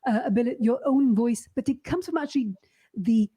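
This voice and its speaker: A woman with a high, mellow voice hosts an interview in easy conversation. She talks warmly and laughs often, with loose restarts. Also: a little fast, slightly rough. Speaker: host. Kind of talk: interview chat.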